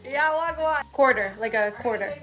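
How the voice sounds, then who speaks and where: A woman's voice: high voice, lively intonation, normal speed, heavy background noise. Giggly young Canadian woman quizzing. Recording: music playing behind.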